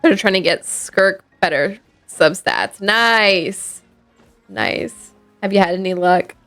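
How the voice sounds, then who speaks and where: A woman's voice: lowish voice, moderate pace. A woman streaming a game, chatting casually and sleepily, rambling with fillers and restarts. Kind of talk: casual gameplay chat. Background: faint game music.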